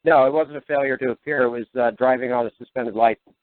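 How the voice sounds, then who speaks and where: A man's voice: medium pitch, steady tone, quick pace. A man calling in to a talk show, telling his story hesitantly with many fillers. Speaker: caller. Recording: dry, tinny phone line.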